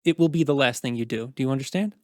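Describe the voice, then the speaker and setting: A man's voice: mid-range voice, very fast, no echo, studio quality, natural voice. A man playing a cold, stern knight commander. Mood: stern, menacing. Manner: cold, condescending, threatening.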